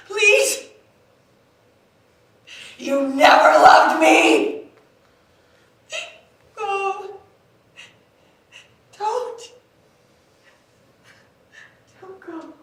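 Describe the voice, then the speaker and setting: Stage role: actress as a trapped, spurned woman, slow and raw, heard distant with heavy room echo. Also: very high-pitched, a bit bright, heavily acted. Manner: pleading, turning to bitter rage. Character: abandoned trapped woman, clinging then vicious. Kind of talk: stage performance. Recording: echoey stage from far off.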